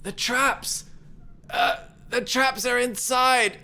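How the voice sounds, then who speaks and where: A man voicing a panicked kid, shouting frantic warnings in a high voice in a tabletop game. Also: takes it slowly, heavily acted. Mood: desperate.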